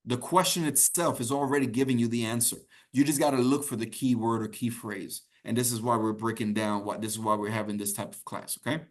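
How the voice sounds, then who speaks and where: A man teaching an exam prep class in a conversational, encouraging way, repeating key points and checking in with "okay?". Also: medium pitch. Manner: repetitive, keeps checking in with "okay?". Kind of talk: live online class teaching.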